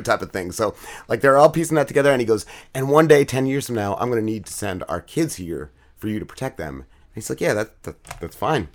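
A man co-hosting a podcast, talking loosely and swearing constantly as he retells a TV episode. He rambles and doubles back on himself, piling up filler words while he chases the plot. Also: fairly low pitch. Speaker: podcast co-host. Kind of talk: casual chat.

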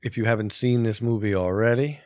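A man with a fairly low voice hosts a casual podcast with dry, wry humor. The recording is close and dry. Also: fairly even intonation, brisk, a little mellow, no room sound. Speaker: podcast host. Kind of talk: casual chat.

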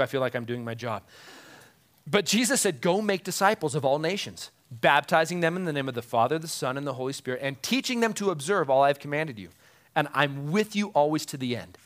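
A male pastor delivering a sermon in a relaxed, conversational way. His voice sits a little high for a man, and he often chuckles and repeats his key phrases for emphasis.

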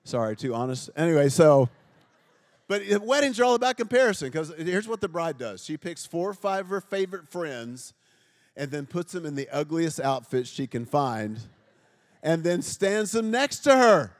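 A man's voice: fairly high pitch, big pitch swings, normal speed, long reverb tail. A man in his fifties, a pastor, giving a humorous sermon to a congregation, joking at his own expense and quizzing the listeners. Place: church sanctuary before a congregation.

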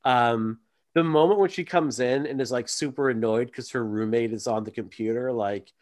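A man's voice: medium pitch, moderate pace, darkish tone. A man hosting a podcast, chatting casually with many fillers and asides. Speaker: podcast host. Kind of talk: casual chat.

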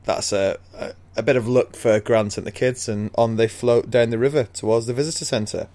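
A man co-hosting a casual chat, calmly retelling a story's events and laughing often. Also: medium pitch, normal speed. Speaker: podcast co-host.

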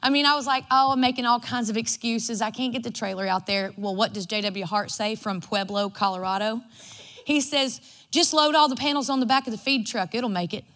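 A woman gives a devotional sermon. Her voice is bright and pitched a little high. She tells homespun stories and acts out what she said along the way. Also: steady tone, brisk. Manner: folksy and storytelling, acts out her own quotes. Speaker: preacher.

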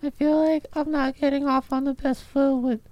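A woman's voice: extremely high pitch, expressive, moderate pace, highs cut off. A woman voicing a drunk, rambling gnome adventurer in tabletop role-play, slurring and stammering. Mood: maudlin drunk.

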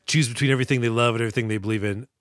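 A man's voice: medium pitch, steady tone, very fast, a bit bright, dry recording, studio quality. A man co-hosting a casual comedy podcast, jokey and self-deprecating, swearing freely. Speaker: podcast co-host.

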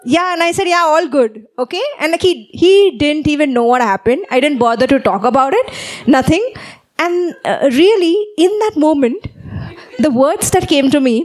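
A woman preacher giving a sermon, telling a personal story in an animated way and often checking in with "okay?". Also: high-pitched, moderate pace.

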